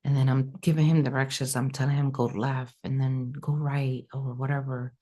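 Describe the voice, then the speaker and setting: A woman psychic medium telling a personal story in an interview, animated and acting out the dialogue. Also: very deep voice, moderate pace. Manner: animated, acts out quoted dialogue. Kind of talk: emotional storytelling.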